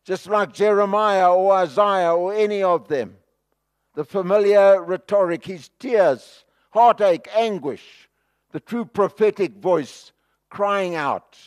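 A South African man preaches with real fervor, his voice sitting high and his pace slow and deliberate. He swings from loud, pleading outbursts down to near-hushed asides. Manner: impassioned, dramatic shifts between loud and hushed. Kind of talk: sermon.

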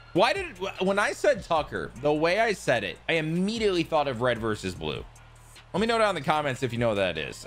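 A young man commentating his own video game in a casual way, his voice leaping from mumbled asides to sudden loud yelps. His tone is bright and forceful, and faint game music plays underneath. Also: medium pitch. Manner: excitable, swings from loud outbursts to mumbling asides; self-deprecating jokes. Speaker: gaming YouTuber.

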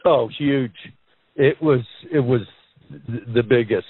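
A man's voice: mid-range voice, slow pace, husky, no room sound. A middle-aged man, a guest on an interview show, telling stories in an earnest, rambling way and often repeating words. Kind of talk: casual storytelling interview. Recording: tinny phone line.

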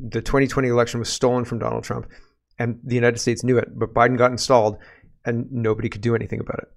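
An animated man in his forties delivers a casual commentary monologue. He keeps a mid-range voice and often chuckles between his points. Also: mid-range voice. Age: 40s. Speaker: political commentary host.

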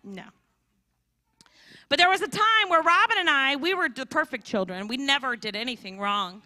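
A woman giving a storytelling sermon at a church conference, animated and acting out the people in her story. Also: high-pitched, normal speed, no echo, studio quality. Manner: animated, acts out characters' voices. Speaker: conference speaker. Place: church hall.

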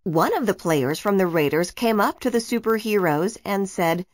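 A woman reading a children's storybook aloud in an expressive storytelling way. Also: medium pitch, normal speed, hardly any pauses, no room sound, clean studio sound. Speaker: narrator. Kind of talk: children's book read-aloud.

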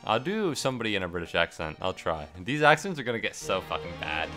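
Lively male streamer, animated low voice, bright tone, faint game music behind. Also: fast talker. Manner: energetic, joking, swears freely. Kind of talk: casual gameplay commentary.

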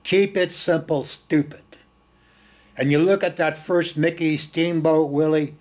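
Animated storytelling man, slightly high voice. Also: a little slow. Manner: animated, repeats words for emphasis, blunt earthy asides. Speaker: film screening host. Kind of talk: informal storytelling talk.

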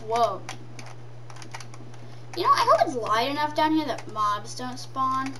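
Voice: sits high, big pitch swings, measured pace, pauses often. A gameplay commentator talking in a silly, sing-song way and repeating lines over and over. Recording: distant from the mic, faint noise.

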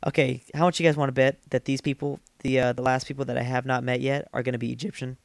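Gravelly-voiced man rambling over gameplay. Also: medium pitch, flat delivery, quick pace, dry recording. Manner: rambling, self-mocking, thinks aloud. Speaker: let's play gamer. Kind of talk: casual game commentary.

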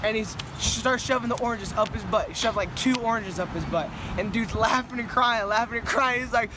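High-voiced young man rambling outdoors. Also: fairly quick. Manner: rambling, filler-heavy, keeps asking "right?". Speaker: friend telling a joke. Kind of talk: casual storytelling. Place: outdoors by the water. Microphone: phone camera. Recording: outdoor noise on a phone camera.

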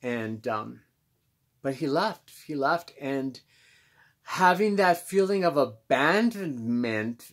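A man speaking candidly as host of his own self-help channel, reflective and halting with many pauses and restarts. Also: mid-range voice, lively intonation, a bit bright. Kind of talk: candid personal monologue.

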